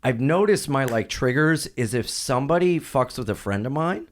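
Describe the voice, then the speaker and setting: A man who is a comedian guest on a studio podcast, telling a story in an animated, profane way and quick to flare up. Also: mid-range voice.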